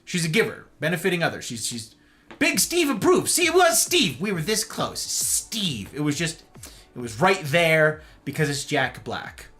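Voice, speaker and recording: Animated, jokey male streamer. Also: moderate pace, soft background music. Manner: playful and jokey, with big swoops of pitch. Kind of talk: casual live-stream chat with viewers.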